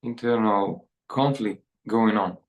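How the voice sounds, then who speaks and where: A man speaking as a podcast guest, reflective and a little halting as he talks. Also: fairly low pitch, poor audio. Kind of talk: conversational interview.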